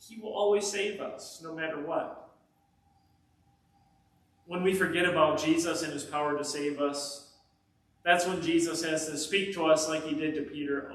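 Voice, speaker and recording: A man, a pastor, giving a children's message as an animated storyteller speaking to kids in a church. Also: high voice, normal speed. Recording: echoey church from far off.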